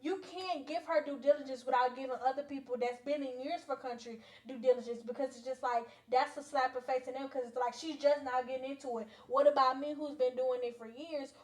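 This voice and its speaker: A woman's voice: sits high, fairly even intonation, quick pace, few pauses. A woman co-hosting a podcast, pushing back with questions in casual chat. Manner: pushes back, questioning, argumentative. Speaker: podcast co-host.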